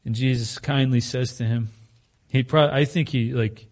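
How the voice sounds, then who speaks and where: A man's voice: mid-range voice, steady tone, moderate pace, a little mellow. A male pastor giving a sermon in a conversational way, often putting rhetorical questions to the congregation.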